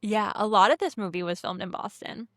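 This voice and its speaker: A woman's voice: mid-range voice, brisk, fairly bright tone, dry recording. A young woman cohosting a movie podcast, chatting casually with a rambling, filler-heavy way of talking. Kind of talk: casual chat.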